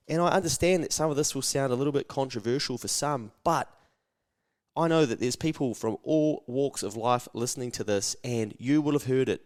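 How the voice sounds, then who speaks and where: A man's voice: mid-range voice, a little fast, darkish tone. A man hosting a motivational solo podcast, fired up, blunt and sweary. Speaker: podcast host.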